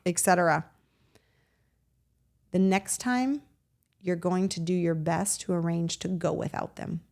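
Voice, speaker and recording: A woman's voice: on the low side, creaky, darkish tone. A woman hosting a parenting podcast, giving direct, encouraging advice and acting out little quotes. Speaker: podcast host.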